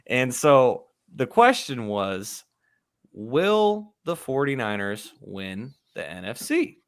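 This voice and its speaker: Smooth-voiced podcast host, man. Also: medium pitch, very animated, slow pace. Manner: steers the talk, teasing. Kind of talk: casual sports chat.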